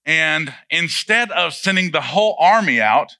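Preacher guy telling the story loose and joking, super bright crisp voice, kinda high, dry close sound. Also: animated, a little slow, dry recording. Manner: casual, humorous, asks the audience questions. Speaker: pastor. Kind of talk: sermon, conversational storytelling.

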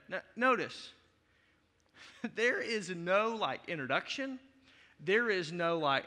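A male pastor preaching in a high, very bright, sharp voice. He is emphatic and conversational, slipping in playful asides, and his words echo with the long reverb of a large hall. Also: expressive, slow. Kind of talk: sermon.

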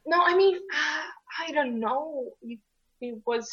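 A woman's voice: sits high, unhurried, fairly bright tone. A young woman from Italy, casual and rambling, full of fillers and restarts. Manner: rambling, many fillers and restarts, laughs often. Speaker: guest co-host. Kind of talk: casual conversation. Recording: lo-fi dull audio.

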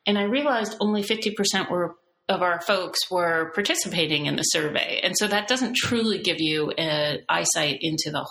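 A woman's voice: on the low side, moderate pace, roomy sound, slight background noise. A middle-aged woman, a company CEO, talking animatedly in a business interview and restarting her sentences often. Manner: animated, frequent restarts, laughs between points.

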